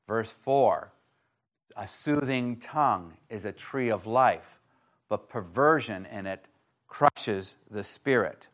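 A man's voice: mid-range voice, a bit bright. A man preaching an earnest sermon, reading scripture aloud and telling stories to his church. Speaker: pastor.

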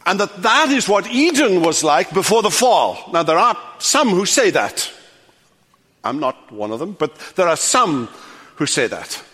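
An older man preaching a sermon as pastor, swinging from loud, animated passages to hushed, quiet endings. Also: sits high, measured pace, slightly rough, big-room sound. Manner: animated preaching, rising loud then dropping to hush. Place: church sanctuary.

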